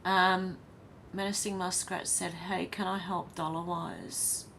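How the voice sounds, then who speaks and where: Aussie woman reading chat on her live stream, blunt, laughs a lot, bit of a low voice. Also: level tone, slow pace, gravelly, a bit bright, slight background noise. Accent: Australian. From Australia. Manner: chatty, laughs often, blunt and swears.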